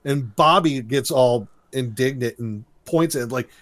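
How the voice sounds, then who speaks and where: Man, podcast co-host, animated cartoon recap, laughs often, mid-pitched voice. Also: unhurried. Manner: animated storytelling, briefly imitates characters with laughs. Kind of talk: casual cartoon episode recap.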